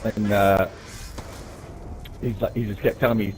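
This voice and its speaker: Male gamer, low voice, casual profane storyteller, rambling, chatty. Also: flat delivery, measured pace, darkish tone, low-quality recording. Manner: profane, rambling, keeps asking "right?". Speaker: gamer telling stories while playing.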